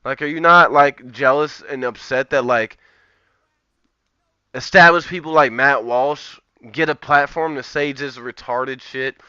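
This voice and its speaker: A man's voice: medium pitch, unhurried, sharp tone, clear, resonant tone, no echo. A man ranting in casual commentary, rambling and profane, with lots of filler words. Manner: profane, rambling, heavy use of "like". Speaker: streamer. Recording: dull lo-fi, dry.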